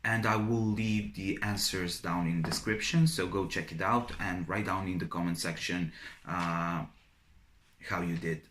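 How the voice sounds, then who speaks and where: A male teacher gives a dictation lesson in a very low voice, saying each word slowly two or three times. His delivery is calm and deliberate. The room around him is noticeably echoey. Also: a little hiss or hum. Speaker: language teacher. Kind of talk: online language lesson.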